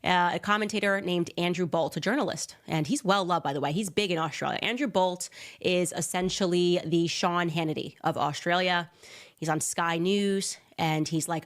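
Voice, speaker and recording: A woman's voice: lowish voice, brisk. Sarcastic woman hosting a monologue. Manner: sarcastic, mock-incredulous. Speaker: commentator host.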